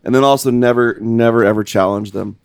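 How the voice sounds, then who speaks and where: A man's voice: mid-range voice, fairly even intonation, a little fast, a little mellow, clear, resonant tone, no echo. A man, co-host and paranormal investigator, talking earnestly in casual chat and repeating words for emphasis.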